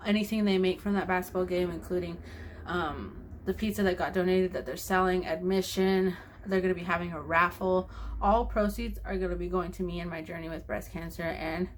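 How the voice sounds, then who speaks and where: A woman's voice: on the low side, steady tone, brisk, a little hiss or hum. Grateful young woman, rambling video diary. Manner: emotional, grateful, rambling with fillers. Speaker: vlogger.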